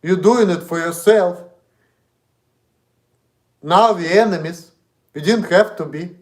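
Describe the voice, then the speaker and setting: Russian accent guy on a stream, kinda high voice, angry repetitive ranting with lots of cursing. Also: slow, darkish tone. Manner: indignant, profane and repetitive. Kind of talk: ranting monologue.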